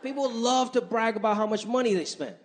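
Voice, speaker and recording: A man performing an animated stand-up set, switching in and out of impressions of the people in his stories. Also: very high voice, fairly quick. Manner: animated, shifts between impressions. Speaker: stand-up comedian. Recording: live club set with crowd laughter and noise.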